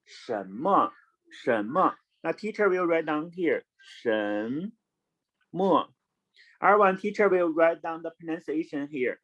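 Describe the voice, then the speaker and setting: A man teaching an online class to children, talking slowly, repeating words and spelling them out, switching between English and Chinese. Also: fairly high pitch, expressive, fairly bright tone, dull audio.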